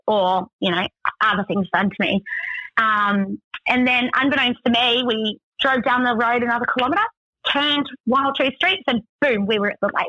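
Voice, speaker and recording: A woman's voice: a little high, normal speed, pushed and bright, no room sound, highs cut off. An Australian woman telling a story as a guest in casual chat, full of "like" fillers. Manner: chatty, many "like" fillers.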